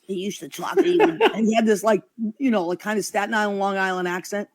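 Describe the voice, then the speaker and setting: A woman's voice: mid-range voice, fast. A woman hosting a casual chat show, gushing and affectionate with her guests. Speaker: host.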